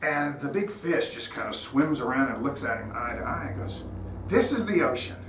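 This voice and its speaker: A man's voice: medium pitch, normal speed. A man giving an informal sermon as a guest speaker, talking earnestly and conversationally, telling stories. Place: church sanctuary. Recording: roomy hall, distant mic, faint noise.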